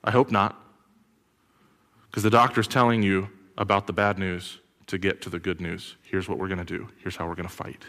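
Animated male pastor in a reverberant hall. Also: deep voice, moderate pace. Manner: animated, rhetorical questions, sudden loud bursts. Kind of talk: sermon.

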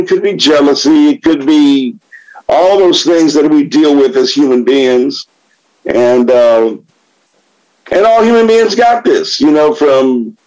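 A middle-aged man with a high voice shares his recovery story in a blunt, profane way. He talks slowly and grows impassioned and preachy. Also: poor audio. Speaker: recovering alcoholic sharing at a meeting. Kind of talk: spoken share.

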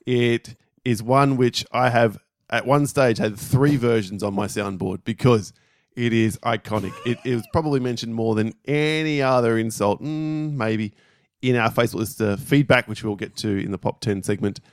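A man's voice: medium pitch, normal speed, no echo, studio quality. A man co-hosting a comedy podcast, wry and explaining the background of each clip. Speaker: podcast co-host. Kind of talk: casual comedy banter.

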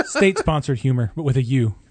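A man's voice: medium pitch, slight background noise. A man in his forties co-hosting a casual movie chat podcast, swearing, joking and ranting. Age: 40s. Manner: animated, profane, ranting. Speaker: podcast co-host.

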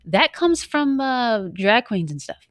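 A young woman co-hosting a podcast, telling stories in a lively, joking way with a lot of laughter. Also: on the high side, takes it slowly, dry recording, studio quality. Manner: animated, laughing, joking storyteller. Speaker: podcast co-host. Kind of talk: casual banter.

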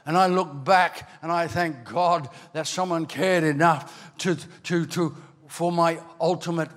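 An older man from Ireland, preaching a sermon as a pastor, telling stories with animated bursts into shouting. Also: a little high, a little slow. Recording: long hall reverb.

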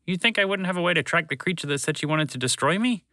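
A man's voice: fairly high pitch, animated, quick pace, bright, forceful tone, dry recording, studio quality, voice pushed up. A man voicing a nervous, fretful female spaceship in a storybook. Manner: jittery, fretful.

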